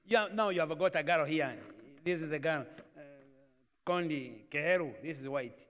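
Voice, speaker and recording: High-voiced Kenyan man preaching, code-switches into Swahili and plays out family scenes, reverberant church live stream. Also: moderate pace, fairly bright tone. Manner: mixes Swahili into English, acts out family dialogues. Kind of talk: sermon. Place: church hall.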